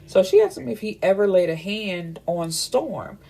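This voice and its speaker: A woman's voice: mid-range voice, expressive, normal speed, creaky, mellow, breathy edge. A young adult woman casually recapping a novel, retelling scenes through quoted dialogue with blunt asides of her own. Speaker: book reviewer.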